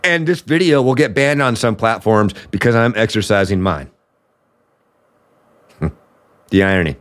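A man's voice: fairly low pitch, normal speed, a bit bright. A man from the United States hosting a political commentary show, ranting with anger and profanity. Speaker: podcast host.

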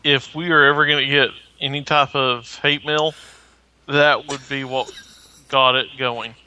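A man co-hosting a casual gaming podcast, giving measured, level-headed opinions. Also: mid-range voice, steady tone, pushed and bright, smooth, muffled recording. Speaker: podcast co-host.

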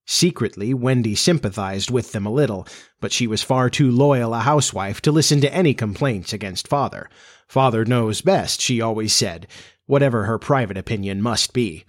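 A man narrating a classic storybook as an audiobook, in a measured, expressive reading. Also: mid-range voice, dry recording, clean studio sound.

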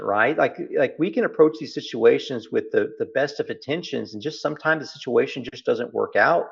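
A middle-aged Texan man, a private equity CEO appearing as an interview guest, talks reflectively in a mid-range voice. He speaks a little fast and creakily, barely pausing, and repeats phrases emphatically for stress. The audio is dull.

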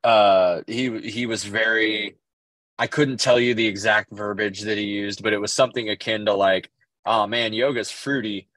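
A man's voice: fairly low pitch, little pitch movement, moderate pace, fairly bright tone, no room sound. A man co-hosting a podcast, telling rambling stories in casual chat with lots of fillers and swearing. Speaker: podcast co-host.

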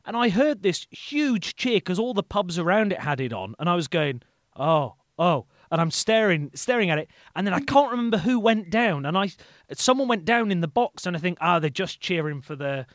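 A man's voice: high-pitched, sing-song, fairly quick, no echo, studio quality. A man hosting a podcast, chatting casually and joking at his own expense. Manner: chatty, self-deprecating. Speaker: podcast host. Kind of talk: casual interview chat.

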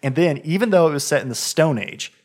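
A man's voice: fairly high pitch, lively intonation, a little fast, darkish tone. A man in casual chat, describing a video game eagerly, often restarting his sentences. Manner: rambling, self-correcting, enthusiastic.

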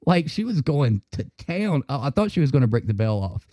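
A man's voice: medium pitch, brisk, dry recording. Profane, laughing male podcast host. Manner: profane, laughing, animated storytelling. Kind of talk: casual chat.

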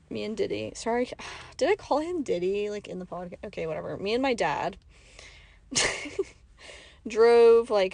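A young woman hosting a casual podcast, rambling chattily with lots of fillers and dropping into soft whispered asides. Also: medium pitch, vocal fry. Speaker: podcast host. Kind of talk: casual chat.

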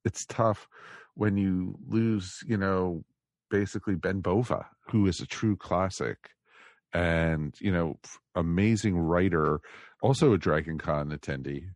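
A man's voice: low-pitched, measured pace, no room sound, clean studio sound. An American man hosting a podcast, talking casually and rambling with many fillers. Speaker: podcast host.

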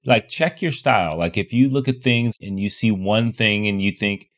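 Man, lower voice, podcast co-host, calm explainer who laughs easily. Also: normal speed. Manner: explains calmly, coaching tone, laughs often. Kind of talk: casual podcast chat.

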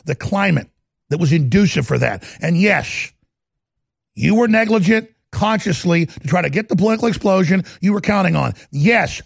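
A man rants in rapid, heated bursts on a talk show. His voice is high and gravelly, husky in texture, recorded close and dry. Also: no echo. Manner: heated, rapid-fire ranting. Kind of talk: ranting commentary.

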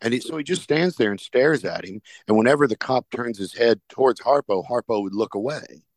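On his podcast, a man with a mid-range voice spins anecdotes in a relaxed conversation, speaking fairly quickly and doing voices for the characters he quotes. The recording is dry.

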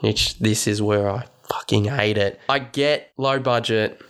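Man, podcast co-host, low-ish smooth resonant voice, swearing, animated movie recap. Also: a little slow. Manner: profane, animated, enthusiastic about gore. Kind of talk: casual movie recap chat. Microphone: podcast microphone.

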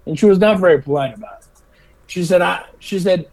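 With a high voice and a brisk delivery, a middle-aged special education teacher tells stories in a casual interview, animated and laughing, often saying things more than once. The audio is poor.

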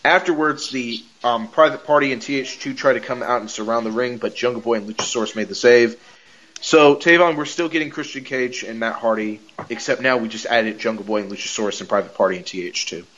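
A man co-hosting a podcast, recapping wrestling shows in an animated, casual way, swearing and laughing as he goes. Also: mid-range voice, a little fast, dull audio, slight background noise. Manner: animated storyteller, swears and laughs mid-sentence. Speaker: podcast co-host.

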